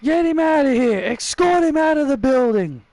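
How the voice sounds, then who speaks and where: A man's voice: very high-pitched, animated, moderate pace, darkish tone, no echo, rough recording. A man voicing a stern male wrestling authority figure giving orders. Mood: commanding. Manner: commanding.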